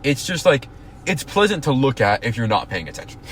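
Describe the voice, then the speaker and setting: A man's voice: mid-range voice, sing-song, fairly quick, fairly bright tone, a little hiss or hum. A young man co-hosting a podcast in casual chat, rambling with restarts and swearing. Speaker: podcast co-host.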